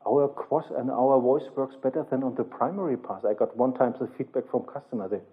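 A male instructor lectures on a technical subject at a conference, medium in pitch, fairly quick, with few pauses. Almost every phrase gets a questioning "yeah?" on the end, his English is broken and non-native, and the audio is tinny and narrow-band.

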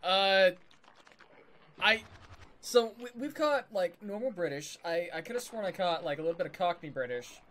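Over game music, a streamer gives casual let's-play commentary on a video game, rambling, chuckling and talking back to the characters. His voice is high and fairly bright, with lively intonation at a normal speed.

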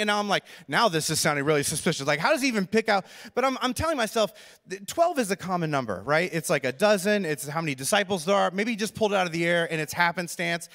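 A man's voice: high voice, fast talker. A man preaching a sermon as a pastor, telling a funny self-deprecating story in a loose, chatty way and talking straight to the crowd. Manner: animated, self-deprecating, conversational, addresses crowd directly. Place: church auditorium. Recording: reverberant hall sound.

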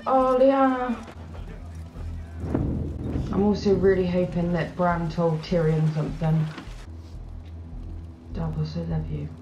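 A woman hosting a reaction video, giving live commentary full of swearing and emotion, moving from hushed murmurs to excited shrieks. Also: lowish voice, unhurried, pauses often, over music. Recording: dull, roomy home recording.

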